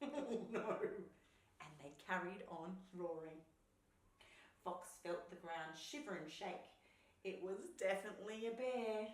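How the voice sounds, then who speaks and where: Woman reading a picture book aloud, animated, gasps and asides, slow, roomy echo, distant mic. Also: fairly low pitch. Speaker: storyteller.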